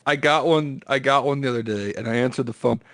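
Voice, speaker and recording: A man's voice: medium pitch, quick pace, a bit bright, no room sound, clean studio sound. A laid-back man telling a story. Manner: storytelling, laughing. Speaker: podcast host. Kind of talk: casual chat.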